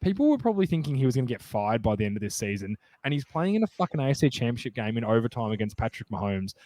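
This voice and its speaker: A male podcast co-host in casual sports chat, rambling and excitable, full of fillers and restarts. His voice sits mid-range and sounds dry and close to the mic. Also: mid-range voice, racing, no echo.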